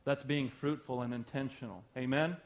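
A man's voice: mid-range voice, fairly even intonation, normal speed. A middle-aged male pastor preaching a sermon in a conversational, emphatic way, often asking rhetorical questions.

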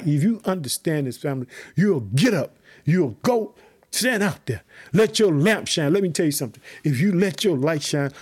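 A man's voice: a little high, a little mellow, slightly rough. A man preaching a fervent sermon, repeating phrases and urging on his listeners. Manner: fervent, repetitive call-and-response preaching.

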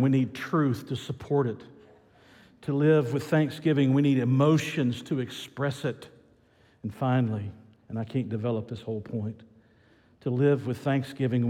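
A man preaching a sermon as pastor, swinging from loud excited build-ups to quiet earnest passages. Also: mid-range voice, long reverb tail.

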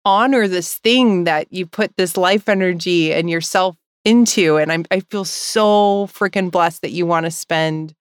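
A woman's voice: fairly low pitch, unhurried, few pauses, clean tone, dry recording, clean studio sound. A woman co-hosting a podcast in casual, heartfelt chat, rambling and emotional, laughing often and tearful. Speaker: podcast co-host.

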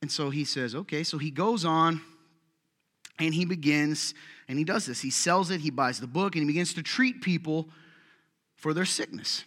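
A man's voice: fairly high pitch, normal speed, fairly bright tone. A man preaching a casual sermon, telling a story and joking with his congregation. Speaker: pastor. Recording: hall reverb.

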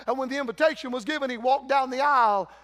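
An older preacher with a strikingly high, ringing voice delivers a fervent revival sermon. His folksy preaching calls out to the congregation by turns, and every phrase trails off into the long reverb of a large church hall. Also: quick pace, fairly bright tone. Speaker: guest preacher. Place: church sanctuary.

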